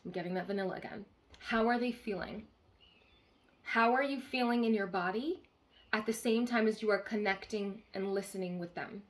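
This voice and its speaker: A woman's voice: mid-range voice, moderate pace. A woman giving a live-streamed channeled card reading as a spiritual healer, earnestly repeating key phrases and checking in with listeners.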